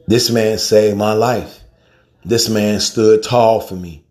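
Middle-aged man, lower register, animated street-casual storyteller delivering an earnest tribute. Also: slow. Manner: casual and slangy, calls the listener family and man; animated storyteller, softens when grieving. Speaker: guest speaker. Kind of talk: heartfelt spoken tribute.

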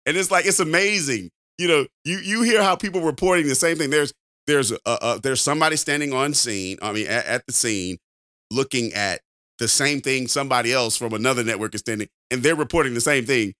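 A man's voice: medium pitch, brisk, bright, forceful tone, no room sound, clean studio sound. A man co-hosting a podcast in casual chat, rambling with repeated words and frequent laughs. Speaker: podcast co-host.

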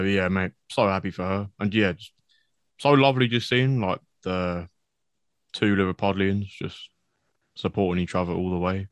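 Low-voiced chatty man, enthusiastic. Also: no echo. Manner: chatty, enthusiastic, says "mate" a lot. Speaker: podcast co-host. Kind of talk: casual MMA fight recap.

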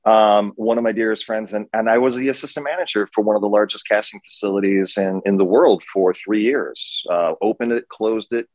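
Energetic Midwestern man, lowish voice. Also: no room sound, lo-fi sound. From Minnesota. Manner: energetic, self-deprecating storyteller. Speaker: guest, actor and session director. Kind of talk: casual interview storytelling.

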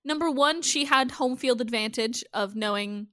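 A woman's voice: on the high side, normal speed, fairly bright tone, no echo, studio quality. A woman co-hosting a podcast, talking casually and loosely, with lots of fillers and swearing. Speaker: podcast co-host. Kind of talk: casual chat.

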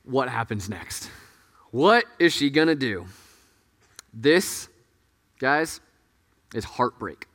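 A man preaching a sermon as pastor, earnest and conversational, often dropping to hushed tones. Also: medium pitch, animated, slow pace, long pauses. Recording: echoey hall.

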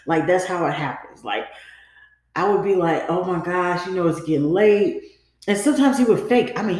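A woman's voice: lowish voice, a little mellow. A woman hosting a podcast, telling a personal story in a casual, confiding way, often saying "you know" and "like" and acting out quoted lines. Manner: frequent fillers like "you know" and "like". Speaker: podcast host. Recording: very echoey room.

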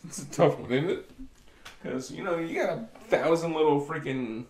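A man's voice: on the high side, normal speed, darkish tone, echoey room, slight background noise. A man co-hosting a podcast in casual banter, easygoing, laughing often and posing the questions. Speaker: podcast co-host.

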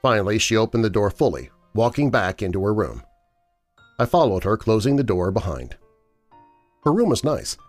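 A low-voiced man reads a first-person horror story in a measured, dramatic way. His pitch moves a lot, rising and falling with the tension. Faint music plays behind him. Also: very animated, a little mellow. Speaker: narrator. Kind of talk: scripted horror story narration. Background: faint background music.

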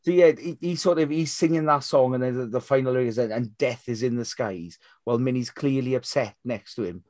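A man co-hosting a casual film podcast over a remote call, animated and swearing casually. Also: mid-range voice, brisk, dry recording, clean studio sound. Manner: animated, swears casually, laughs while talking. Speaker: podcast co-host.

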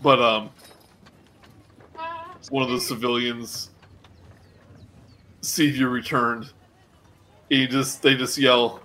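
A man narrating as game master of a tabletop game, halting with many ums. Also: medium pitch, little pitch movement, pushed and bright, poor audio.

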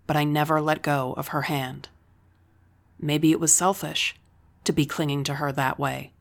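A woman reading a novel aloud in the first person, calm, measured and reflective. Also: low voice. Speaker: audiobook narrator.

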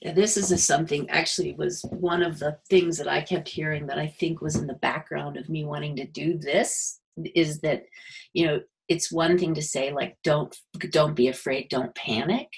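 A woman's voice: low voice, steady tone, normal speed, creaky, husky, low-quality recording. A woman hosting a casual conversation, talking thoughtfully and affirming her guest. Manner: thoughtful, affirming, many fillers.

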